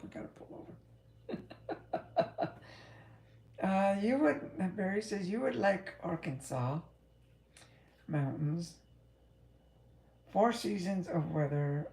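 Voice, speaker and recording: A woman's voice: medium pitch, vocal fry, a little mellow, echoey room. A woman who drives a truck, chatting casually and rambling with frequent laughs. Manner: chatty, meandering, laughs often.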